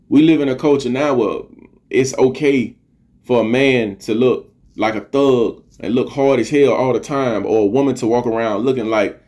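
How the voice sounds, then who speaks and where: This middle-aged podcast host speaks at medium pitch with a darkish tone, giving an earnest, preachy motivational monologue. Phrases get repeated for emphasis, and he swears in a casual way.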